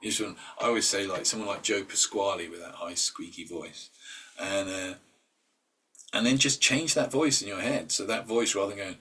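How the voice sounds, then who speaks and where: A man's voice: on the low side, moderate pace, sharp tone, husky, far from the mic. A man leading an informal mindset workshop. He talks conversationally, with fillers and restarts, and acts out inner voices in quoted asides. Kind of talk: informal talk.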